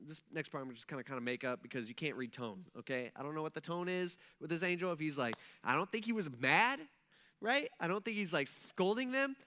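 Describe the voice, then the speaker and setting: Casual, high-voiced young pastor. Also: male voice, bright, forceful tone. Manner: casual, joking storyteller with lots of fillers. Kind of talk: conversational sermon.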